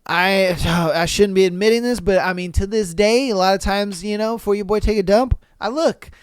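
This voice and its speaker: A man talks through a solo podcast in loose, slangy chat, swearing freely and breaking into laughter. His voice is clear and resonant. It sits close and dry on the mic. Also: high voice, moderate pace, no echo. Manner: slangy, profane, exclamatory, laughs often. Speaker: podcast host. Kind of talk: casual solo podcast commentary.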